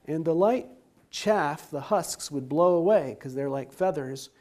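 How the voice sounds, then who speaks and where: A man's voice: on the high side, lively intonation, unhurried, mellow. A man teaching a Bible lesson, retelling the story in simple words and stopping to ask questions.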